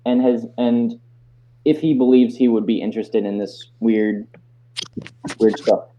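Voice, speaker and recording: A man's voice: medium pitch, fairly even intonation, measured pace, a crowd in the background. A man narrating a tabletop game as game master, often stopping and restarting his phrases. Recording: dull lo-fi sound.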